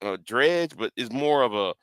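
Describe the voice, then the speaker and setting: A man's voice: mid-range voice, expressive, moderate pace, a bit bright, smooth, no room sound, poor audio. A man hosting a casual chat, stumbling over repeated words and fillers. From Texas.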